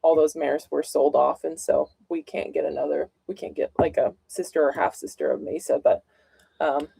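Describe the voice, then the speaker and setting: A woman's voice: sits low, steady tone, normal speed, creaky, dark tone, slightly rough, dry recording, low-quality recording. A woman co-hosting a casual livestream chat, talking chattily and correcting herself as she goes. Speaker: co-host.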